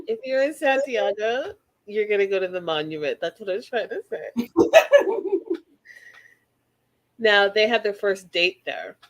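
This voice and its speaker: A woman from Canada hosting a casual reality TV recap, blunt and animated, acting out quotes. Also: medium pitch, measured pace, long pauses.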